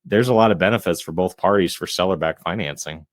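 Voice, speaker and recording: A man who is a real estate investor and realtor, a guest on a casual podcast interview, talking in a measured, introverted way with frequent filler phrases. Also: sits low, dry recording. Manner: measured, self-described introvert, frequent "you know" fillers. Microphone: podcast microphone.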